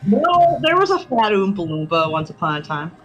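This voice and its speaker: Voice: mid-range voice, very animated, fairly quick, fairly bright tone, lo-fi sound, faint music behind. A co-host of a casual history chat show who talks with many fillers and corrects themselves often. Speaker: podcast co-host.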